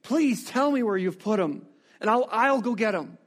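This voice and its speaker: A woman's voice: fairly high pitch, animated, moderate pace, voice pushed up. A man voicing a grieving woman who pleads urgently, as he reads scripture aloud in a sermon. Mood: pleading. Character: grieving young woman searching for a body.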